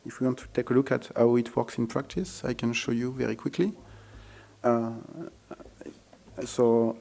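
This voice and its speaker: A man presenting a live technical demo at a conference, speaking haltingly with many fillers and restarts. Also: mid-range voice, level tone, gravelly, dark tone. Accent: French.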